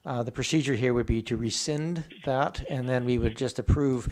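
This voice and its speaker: A man chairing a council meeting as its mayor. His pitch sits in the middle range for a man. He talks in a measured, procedural way with small hesitations, recorded in a council chamber. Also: darkish tone.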